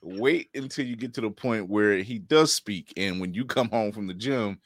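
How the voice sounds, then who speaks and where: A middle-aged man hosting a casual podcast chat, animated and laughing, acting out quotes in playful voices. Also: lowish voice, moderate pace, no echo. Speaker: podcast host.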